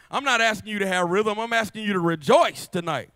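A young man preaching a lively sermon in church. He jokes and calls out to the congregation in a casual, playful way. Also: high-pitched, fast, no room sound. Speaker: guest preacher. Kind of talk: lively church sermon with spoken-word rap. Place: church sanctuary before a live congregation.

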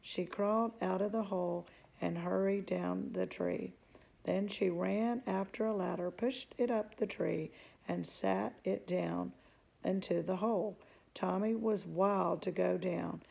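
A woman narrates a children's storybook aloud in a calm, even manner. Her voice is strongly gravelly and husky, with a dark, mellow tone. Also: fairly low pitch, unhurried. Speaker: storybook reader. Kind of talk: reading a children's book aloud.

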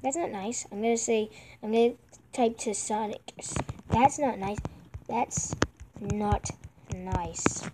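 A woman giving excitable let's-play commentary while gaming online with friends, yelping, pleading with the game and repeating herself. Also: mid-range voice, slow pace, heavy background noise. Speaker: gamer playing online with friends.

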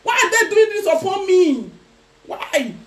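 Against a noisy background, a young Nigerian gossip vlogger rants unhurriedly in a very high voice with big pitch swings. She sing-songs her taunts at her targets and repeatedly lapses into mocking laughter.

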